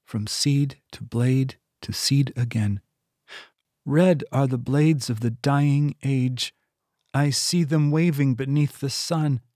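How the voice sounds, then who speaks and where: A man voicing a possessed little girl who chants a prophecy in a slow, solemn, raspy voice. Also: medium pitch, warm tone, dry recording, studio quality.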